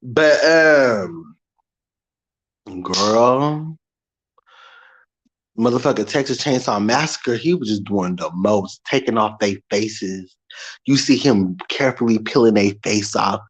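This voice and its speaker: A man around thirty telling a casual, profane story-rant about scary movies, dramatic and animated, breaking into mock screams. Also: fairly low pitch, takes it slowly, pauses often, poor audio. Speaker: vlogger.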